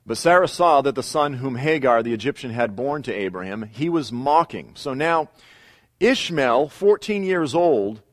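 A middle-aged man teaching a Bible lesson, telling the story in a steady way with pauses and emphatic repeats. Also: medium pitch, dry recording, clean studio sound. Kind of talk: teaching lecture.

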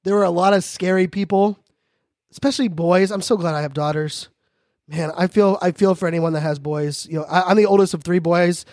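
A man hosting a podcast, talking fast and joking in a high-energy casual monologue. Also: steady tone, darkish tone, no room sound, studio quality. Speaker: podcast host.

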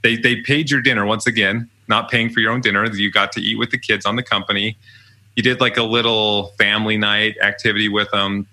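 A man's voice: fairly low pitch, level tone, a little fast, bright, forceful tone. A young man telling stories about his college jobs in a casual, chatty way, often laughing. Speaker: podcast guest. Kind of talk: casual storytelling interview.

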